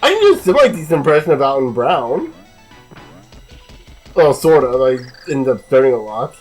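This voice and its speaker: A gamer commenting casually over gameplay, rambling and poking fun at their own attempts. The voice is husky and moves around a lot in pitch. Faint music plays underneath. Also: very animated, normal speed, poor audio. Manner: rambling, self-mocking, chatty. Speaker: let's play commentator.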